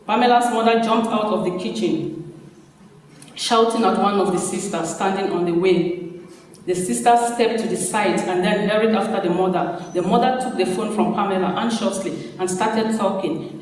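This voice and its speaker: A man's voice: high voice, moderate pace. Man reading aloud in an echoey hall. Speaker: reader at a panel event. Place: large hall. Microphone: far from mic. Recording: echoey hall from far off, faint noise.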